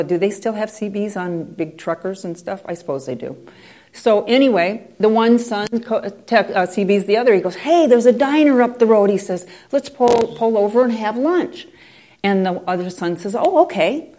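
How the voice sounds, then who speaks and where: Woman storyteller, conversational, digressive asides, mid pitch. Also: a little mellow. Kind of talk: oral storytelling.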